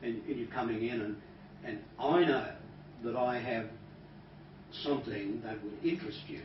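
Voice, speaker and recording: A man who is a hypnotist, leading a live training demonstration and talking in a calm, soft-spoken way that sometimes drops to a hush. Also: medium pitch, normal speed. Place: training room with an audience. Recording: roomy, distant, dull recording with noise.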